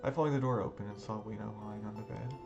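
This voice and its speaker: A man's voice: lowish voice, fast talker, creaky, lo-fi sound. A man reading a visual novel aloud in a dramatic, emotional first-person narration over background music. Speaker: gaming video creator. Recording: music playing underneath.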